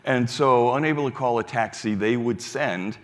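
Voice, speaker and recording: A man's voice: mid-range voice, moderate pace. An older man giving a keynote talk on stage, telling a story and acting out its dialogue in different voices, with frequent restarts. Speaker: foundation leader giving a keynote. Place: large hall on stage. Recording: long hall reverb.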